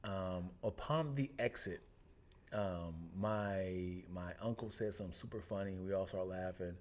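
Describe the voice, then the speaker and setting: A man's voice: deep voice, measured pace. A man co-hosting a podcast, telling stories in casual chat and acting out the people in them. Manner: animated, acts out voices while telling stories. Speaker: podcast co-host.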